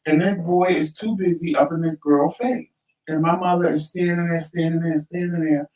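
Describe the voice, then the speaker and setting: A man co-hosting a casual talk show, telling stories in a blunt, lively, profane manner. He sits a little away from the mic in an echoey room. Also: on the high side, normal speed, far from the mic. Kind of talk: casual chat.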